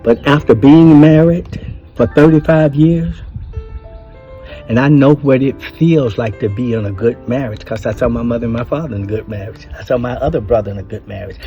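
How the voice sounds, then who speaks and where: A man's voice: medium pitch, dark tone, dull audio. An older man, talking bluntly and preachily about marriage, swearing freely and stressing his points. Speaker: speaker giving advice to men. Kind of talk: casual monologue.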